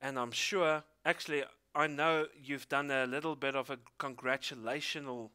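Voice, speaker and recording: South African male host, bright voice, chatty, hesitant delivery. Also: medium pitch, fairly even intonation, moderate pace, smooth. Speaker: interviewer. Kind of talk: casual interview.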